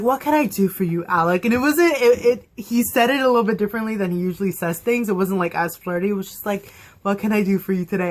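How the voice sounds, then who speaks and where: Gushing young woman fan reviewer. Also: medium pitch. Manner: gushing, animated, lots of fillers and laughter. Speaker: TV episode reviewer. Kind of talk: casual excited fan review.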